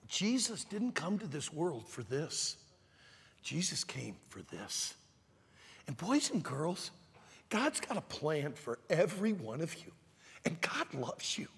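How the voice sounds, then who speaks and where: A man preaching a storytelling sermon to a youth conference in an animated, dramatic way. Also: a little high, vocal fry, husky. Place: large church auditorium. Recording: reverberant large hall.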